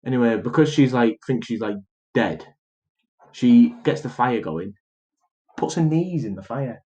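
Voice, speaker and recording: A man's voice: mid-range voice, lively intonation, a little slow, warm tone, highs cut off. A man co-hosting a podcast, chatting casually as he retells a film plot, with lots of fillers and restarts. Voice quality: rambling with many fillers and restarts. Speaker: podcast co-host.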